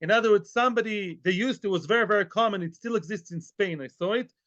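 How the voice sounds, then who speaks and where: A man teaching a daily Talmud class, lively and conversational, mixing in Hebrew and Yiddish terms and often checking in with "yeah?". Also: high-pitched, quick pace. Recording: dull lo-fi recording.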